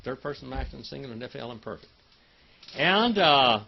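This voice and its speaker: A man lectures a Hebrew class in a folksy, teasing way, calling on students by name. His voice is husky and swings widely in pitch. The recording is dull and lo-fi. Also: expressive, normal speed. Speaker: Bible and Hebrew teacher.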